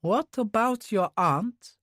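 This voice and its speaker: A man's voice: sits high, expressive, slow, fairly bright tone, no room sound, clean studio sound, pitched above the performer's own voice, exaggerated voice. A man voicing an anxious middle-aged male Russian handler who presses with agitated questions. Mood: worried.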